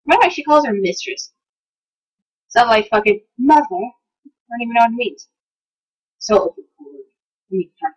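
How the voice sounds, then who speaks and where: A woman giving excitable, profane commentary while playing a game, talking back to the characters on screen. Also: fairly high pitch, normal speed, long pauses, husky, poor audio. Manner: excitable, swears a lot, talks to game characters. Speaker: let's play gamer. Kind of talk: casual gameplay commentary.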